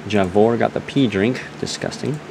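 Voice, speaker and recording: A man's voice: fairly low pitch, normal speed, gravelly, noisy background. A man narrating a tabletop game as game master, joking and often restarting his sentences. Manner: animated, joking, self-interrupting.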